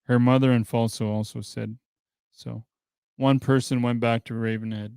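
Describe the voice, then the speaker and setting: A man hosting a podcast, reading a translated traditional story aloud in a plain, steady way, with dry offhand asides. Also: mid-range voice, normal speed, gravelly, smooth, dry recording. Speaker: podcast host.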